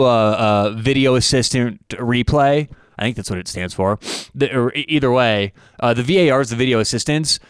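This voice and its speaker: A man's voice: medium pitch, clear, resonant tone, no room sound, clean studio sound. A man hosting a sports betting talk show, rambling with restarts and asides. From United States. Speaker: sports betting podcast host. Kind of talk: casual talk with a read ad.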